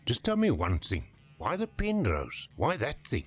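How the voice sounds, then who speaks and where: An actor playing a rugged older-brother helicopter tour pilot with a South African accent, blunt and easygoing, in a game. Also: male voice, mid-range voice, huge pitch swings, a little slow, soft background music. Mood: gruff.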